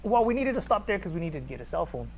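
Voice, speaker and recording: Podcast guest, man from California, animated storyteller, slightly raised pitch, gravelly edge, faint noise behind. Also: rapid-fire. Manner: animated, repeats words, acts out quoted dialogue. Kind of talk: conversational storytelling.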